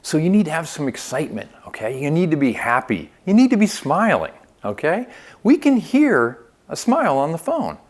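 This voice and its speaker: A man teaching phone sales speaks at a moderate pace in a slightly high voice. Upbeat and coaching, he uses lively inflection and checks in often with "okay?"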